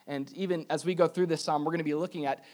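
A man preaching a sermon in an animated way, with jokey asides and emphatic repetitions. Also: a little high, quick pace. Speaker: pastor.

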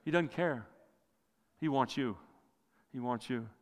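A male pastor preaching a sermon with passion, rising loud and then dropping to near quiet. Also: slow. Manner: impassioned preaching, swells loud then drops low. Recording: long hall reverb.

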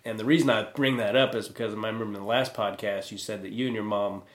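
A man's voice: on the low side, fairly even intonation, fast talker. Earnest man chatting in an echoey room. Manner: earnest, conversational, asks questions. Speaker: podcast host. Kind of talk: casual chat.

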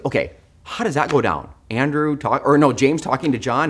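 A man preaching a sermon in church, animated and joking, swinging between loud outbursts and hushed asides. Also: medium pitch, moderate pace, husky. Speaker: pastor.

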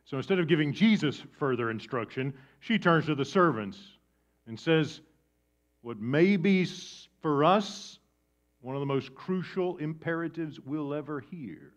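A man's voice: on the high side, lively intonation, a little slow. Dramatic preacher man, lo-fi sermon. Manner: dramatic, swinging from loud emphasis to hushed near-whisper. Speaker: pastor. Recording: dull lo-fi sound.

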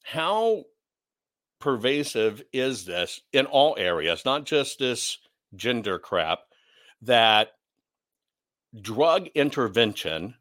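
A man's voice: mid-range voice, fairly bright tone. A man hosting an opinionated commentary show, blunt and sarcastic as he rants. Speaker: commentary host.

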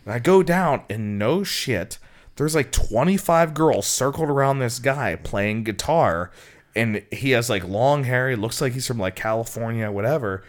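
A man's voice: medium pitch, expressive, normal speed. A young man co-hosting a podcast, telling a rambling story in casual chat, laughing and mimicking voices. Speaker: podcast co-host.

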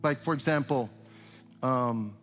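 An older man preaching a sermon in a loose, conversational way, who breaks into shrill mimicry when imitating cheering parents. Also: takes it slowly, a bit bright, faint music behind. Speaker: pastor. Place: church sanctuary.

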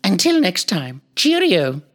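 A woman's voice: fairly low pitch, huge pitch swings, a little slow, slight background noise. Woman doing a prim elderly British dame. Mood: prim reading. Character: elderly aristocratic British dame reading smutty fiction. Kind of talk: comedy sketch reading.

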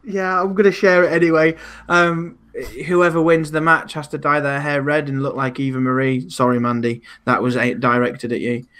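A man's voice: on the high side, little pitch movement, moderate pace, few pauses, fairly bright tone, slight background noise. A young man hosting a casual wrestling podcast, joking and laughing at himself. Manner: laughing, joking, self-mocking. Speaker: podcast host.

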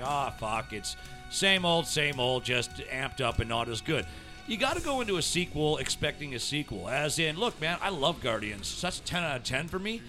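A man co-hosting a podcast in casual chat, excited, swearing freely and acting out quotes. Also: on the high side. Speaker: podcast co-host.

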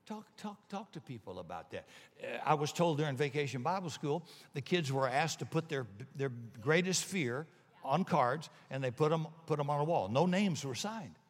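A male pastor with a slightly high voice preaches to his congregation, emphatic and conversational, slipping in wry jokes between his points. His words ring out with a long reverb, as in a large church hall. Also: lively intonation, normal speed. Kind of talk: sermon. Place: church sanctuary.

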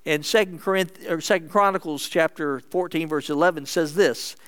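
A man preaching a sermon as pastor, earnest and measured, moving between emphatic lines and hushed ones. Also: fairly high pitch, clean tone.

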